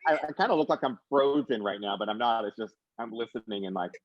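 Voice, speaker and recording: A man's voice: mid-range voice, expressive, fast, no echo, lo-fi sound. A man in his late thirties co-hosting a podcast, chatting casually and hesitantly, repeating words as he starts. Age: 30s. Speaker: podcast co-host. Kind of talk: casual chat.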